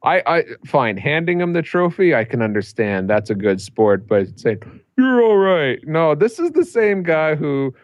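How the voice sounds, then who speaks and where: A man's voice: a little high, sing-song, normal speed, few pauses, no room sound, highs cut off. A man co-hosting a casual podcast, joking and laughing easily on a close mic. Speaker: podcast co-host.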